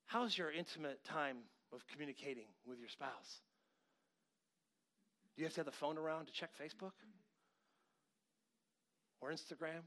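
A middle-aged man preaching a sermon, animated, swinging between loud outbursts and quiet asides, often acting out quoted voices. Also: a little high, moderate pace, pauses often. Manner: acts out quoted voices mid-story.

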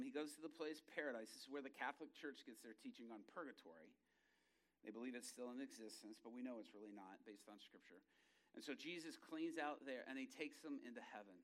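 A man preaching a sermon, telling stories dramatically and acting out the characters' voices, swinging from hushed low passages to loud excited bursts.

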